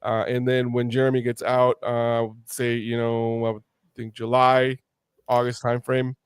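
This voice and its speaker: A man's voice: mid-range voice, completely flat delivery, a little slow, clean tone, no echo, studio quality. Passionate rambling male podcast host. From Mexico. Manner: passionate, rambling with many restarts. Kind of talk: casual interview chat.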